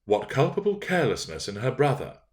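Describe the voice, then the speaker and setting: A man's voice: fairly low pitch, sing-song, moderate pace. A man voicing a pompous, self-important elderly squire and magistrate. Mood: blustering.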